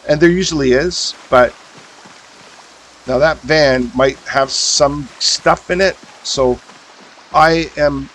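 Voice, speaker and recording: A man's voice: fairly high pitch, takes it slowly, long pauses, fairly bright tone, slight background noise, poor audio. A man streaming a survival game, thinking aloud in casual commentary as he sorts gear, with frequent ums and uhs. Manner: thinks aloud, mumbling fillers while sorting items.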